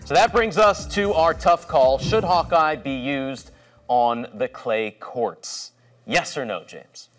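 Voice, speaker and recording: A man's voice: medium pitch, slow pace, soft background music. A man hosting a sports show segment, reading a script and posing a debate question to panelists. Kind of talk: presenting a segment.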